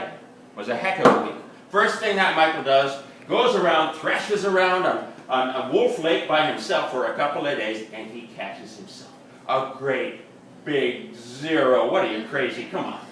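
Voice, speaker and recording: A boastful Wisconsin fisherman, played by a man, spins a comic tall tale in folksy, ungrammatical talk. His voice sits fairly high and bright, swooping up and down with lively energy. It sounds like a live stage recording, heard from some distance in a very echoey room. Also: a little hiss or hum. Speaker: performer at a live reading. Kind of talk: comic character monologue. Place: upstairs room of a bar at a live reading. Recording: echoey room, mic far off.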